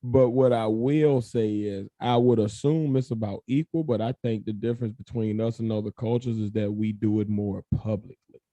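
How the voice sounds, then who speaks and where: Young male co-host, casual and profane, warm low-key timbre. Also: normal speed, few pauses, no echo. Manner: blunt, profane, animated storytelling. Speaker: podcast co-host. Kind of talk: casual chat.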